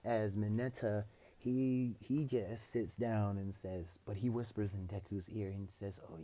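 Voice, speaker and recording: A man's voice: on the low side, fairly even intonation, unhurried, mellow. A man casually narrating an improvised fan story, rambling and often correcting himself as he goes.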